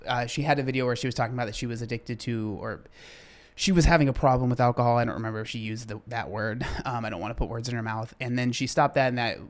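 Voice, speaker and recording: A man reacting to a video clip with casual fitness commentary, earnest and quick to get worked up, then apologizing. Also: medium pitch, steady tone.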